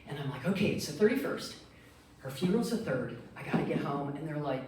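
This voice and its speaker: A middle-aged woman from Michigan, speaking as a guest speaker to a group, telling a personal story in a lively, animated way and acting out the quotes. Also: deep voice, brisk, noisy background. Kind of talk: storytelling talk. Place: meeting room. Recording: echoey room, distant mic.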